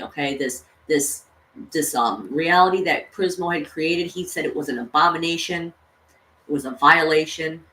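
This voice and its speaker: A woman's voice: low-pitched, a bit bright. A woman vlogger casually retelling a cartoon story, rambling with lots of fillers. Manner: rambling, full of "you know" and "like". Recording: echoey room, distant mic, faint noise.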